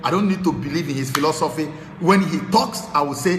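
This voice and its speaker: A Nigerian man hosting a talk show, giving impassioned political commentary that swings from low muttering to shouted tirades. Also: fast, hardly any pauses, reverberant, long reverb tail, slight background noise. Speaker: show host.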